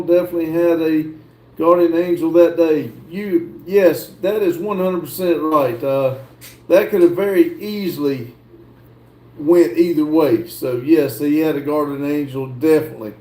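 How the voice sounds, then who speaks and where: A man hosting a livestream, reading viewer comments aloud and answering them in a slow, drawling way. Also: on the high side, fairly even intonation, warm tone. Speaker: livestream host reading chat. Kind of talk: casual chat. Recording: echoey room.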